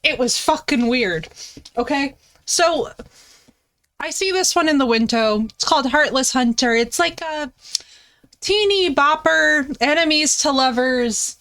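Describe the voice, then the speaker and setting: A woman streamer telling a story in casual chat, animated and swearing, often laughing, with big jumps in her voice. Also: high-pitched, measured pace.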